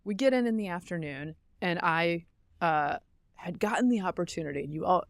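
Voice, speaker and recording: A woman's voice: lowish voice, expressive, fairly quick, vocal fry. A middle-aged woman co-hosting a podcast, telling stories in a chatty way, laughing easily and correcting herself. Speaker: podcast co-host. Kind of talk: casual chat.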